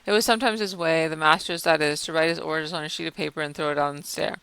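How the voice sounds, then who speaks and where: A man's voice: a little high, steady tone, quick pace, sharp tone, clean tone, no room sound. A man voicing an anxious, deferential male butler in an audiobook reading. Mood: urgent. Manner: urgent, shaken, deferential.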